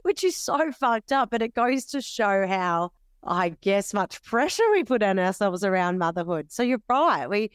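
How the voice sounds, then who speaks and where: A woman's voice: mid-range voice, smooth, no echo, studio quality. A young Australian woman co-hosting a podcast in casual chat, talking things through aloud and laughing easily. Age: young adult. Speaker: podcast co-host.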